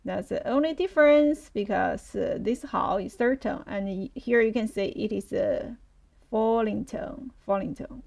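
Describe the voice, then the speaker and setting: A woman's voice: mid-range voice, unhurried, creaky, darkish tone. A woman with a Chinese accent teaching a live online lesson, patiently repeating words for her learners.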